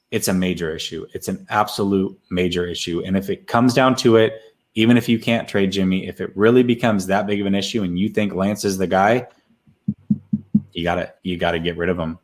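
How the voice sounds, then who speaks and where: A man co-hosting a casual sports talk show, giving blunt, emphatic opinions. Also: fairly low pitch.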